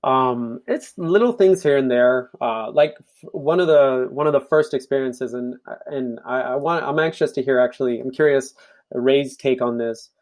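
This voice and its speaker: A man's voice: medium pitch, moderate pace. A young man from Africa, a podcast guest, chatting casually and telling stories while acting out quoted voices. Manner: animated storyteller, acts out quoted voices. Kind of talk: casual chat.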